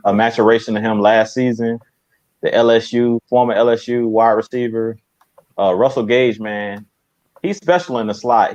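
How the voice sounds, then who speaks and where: A man's voice: mid-range voice, darkish tone, dry recording. Male analyst, matter-of-fact, lo-fi dry recording. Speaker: panel analyst. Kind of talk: sports analysis.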